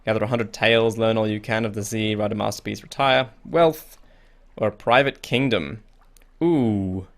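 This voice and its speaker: A man's voice: lowish voice, moderate pace. A young man hosting a casual let's play, reading the game's text aloud and reacting in a chatty way. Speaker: gaming video host. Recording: faint game music behind.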